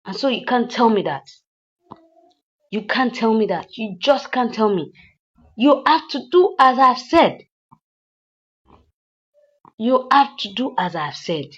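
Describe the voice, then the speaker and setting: A woman voicing a furious rich woman who orders a killing, loud and repeating her demands. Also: on the high side, expressive, slow, pauses often, breathy edge, lo-fi sound, voice pushed up, full character voice.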